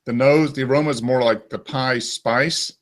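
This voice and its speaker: A man's voice: mid-range voice, steady tone, moderate pace. A man hosting a casual beer-tasting chat, describing flavors with enthusiasm. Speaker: beer show host.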